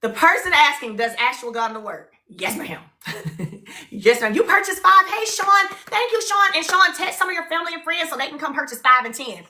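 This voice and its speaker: An upbeat woman runs a live shopping stream, chatting and urging viewers to buy. Her voice is bright and a bit higher than usual. It is recorded on a phone in an echoey room. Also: big pitch swings, moderate pace. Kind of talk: live-stream sales pitch.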